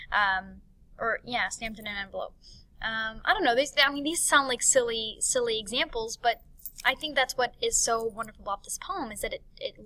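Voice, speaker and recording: A woman's voice: on the high side, pushed and bright, low-quality recording. A young woman teacher talking through a poem in a recorded lesson, explaining step by step with many fillers and restarts.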